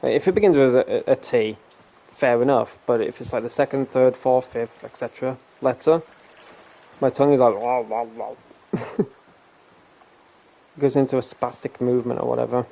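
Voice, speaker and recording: Gravelly young man chatting on stream. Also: medium pitch, normal speed, pauses often, mellow. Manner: rambling, self-deprecating, laughs often. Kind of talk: casual live gameplay chat.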